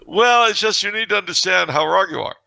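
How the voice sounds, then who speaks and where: A middle-aged man co-hosting a talk show, telling stories with animated mock indignation and acting out the dialogue. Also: sits high, fairly quick, gravelly, dry recording. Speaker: podcast co-host. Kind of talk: casual banter and storytelling.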